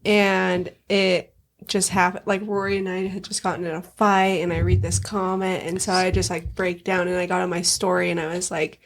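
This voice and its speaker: Young female podcast guest, open and easygoing, quick to laugh. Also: lowish voice, flat delivery, creaky. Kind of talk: casual podcast chat.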